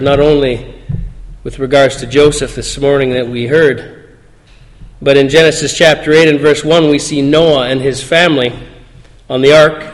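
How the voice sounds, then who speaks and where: A man reading scripture aloud and preaching a sermon in a church, in an earnest, measured way. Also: medium pitch. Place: church sanctuary. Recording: long hall reverb.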